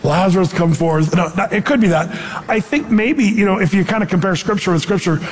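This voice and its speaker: High-voiced pastor preaching in a reverberant hall. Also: male voice, brisk, a little hiss or hum. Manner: animated, acts out quotes in voices, laughs. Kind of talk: conversational sermon.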